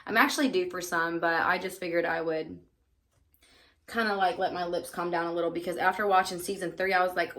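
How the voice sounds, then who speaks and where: Bright-voiced chatty woman vlogger. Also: fairly low pitch, a little fast. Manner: chatty, candid, many fillers. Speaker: beauty vlogger. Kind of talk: casual get-ready-with-me chat.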